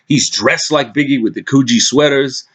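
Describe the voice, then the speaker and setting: A man in a casual vlog rant, worked up and swearing freely as he talks. He often restarts and stumbles over his sentences. His voice sits at an ordinary male pitch. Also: moderate pace, slightly rough. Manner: excitable, swears a lot, frequent restarts. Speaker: vlogger recapping press conferences.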